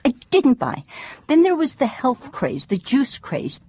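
A cookbook author who is a guest on a radio show, telling a story and explaining kitchen gadgets in an animated way. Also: female voice, high-pitched, measured pace, slightly rough, no room sound. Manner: animated storyteller, laughs often. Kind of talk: conversational explanation.

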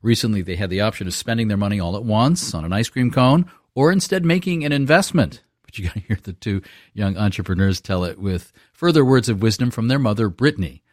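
A man's voice: lowish voice, brisk, dry recording, studio quality. A man hosting a business news show, reading market numbers and introducing a story in an upbeat way. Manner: lively, upbeat delivery.

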